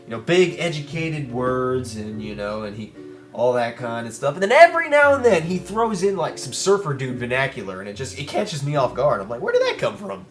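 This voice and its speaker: A man's voice: mid-range voice, sing-song, a little fast, faint music behind. A man giving casual, rambling let's-play commentary with playful asides while reading game dialogue.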